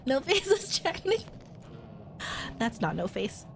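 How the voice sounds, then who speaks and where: High, lively woman streamer. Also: slow pace, gravelly, slight background noise. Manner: playful, exclaiming and laughing often. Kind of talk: casual gameplay chatter.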